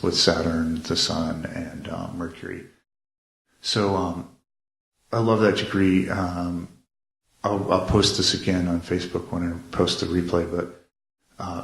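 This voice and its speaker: A low-pitched man chats loosely on a live stream, pausing often with fillers and halting restarts. His voice rings in a roomy, echoey space, picked up as if by a phone or webcam. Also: creaky. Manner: rambling, halting, many fillers. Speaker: astrologer and musician. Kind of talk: casual live-stream talk. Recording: echoey room.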